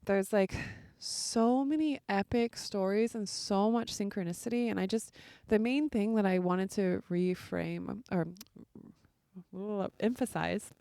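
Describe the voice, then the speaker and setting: A woman's voice: mid-range voice, a little slow, vocal fry, dark tone, clean tone, no echo, clean studio sound. A woman hosting a podcast, telling a personal story in a casual, chatty way full of filler words. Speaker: podcast host.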